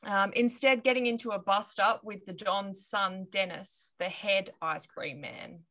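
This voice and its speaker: A woman's voice: mid-range voice, fairly even intonation, unhurried, pushed and bright. A woman co-hosting a casual podcast, telling a story with wry asides and frequent laughter.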